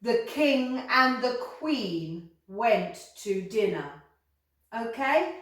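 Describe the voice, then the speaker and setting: Woman, children's English teacher, very slow and clear, sounds out letters, very echoey room heard from a distance. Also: a little high, expressive, fairly bright tone. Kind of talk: slow phonics lesson for kids.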